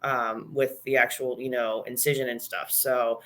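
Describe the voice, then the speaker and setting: A young woman talking candidly as a podcast guest about new motherhood, chatty and quick to laugh. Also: extremely low pitch, flat delivery, fairly bright tone. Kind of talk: casual podcast chat.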